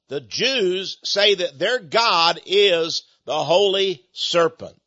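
A man's voice: sits high, a bit bright, breathy edge, lo-fi sound. A man giving a preaching-style lecture, with dramatic emphasis and frequent stammered restarts. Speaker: speaker.

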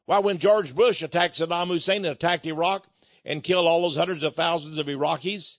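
A man's voice: fairly high pitch, normal speed, dry recording, lo-fi sound. A man hosting a radio talk show, ranting in an angry, emphatic, sarcastic way. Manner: angry, emphatic, sarcastic, rises and drops sharply.

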